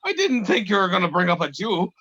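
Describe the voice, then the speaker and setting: A man's voice: sits high, big pitch swings, fast talker, pushed and bright, no echo. A man co-hosting a podcast, teasing and swearing bluntly in casual banter over a call. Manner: blunt, combative, swears a lot. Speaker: podcast co-host. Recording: dull lo-fi call audio.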